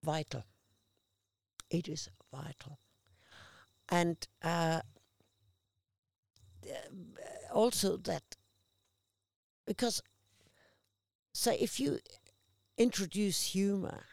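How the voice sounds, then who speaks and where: Woman interview guest, very gravelly, slow and unhurried, slips into other people's voices as she tells stories. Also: on the low side, no room sound. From Australia. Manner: animated storyteller acting out quoted voices. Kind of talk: casual storytelling conversation.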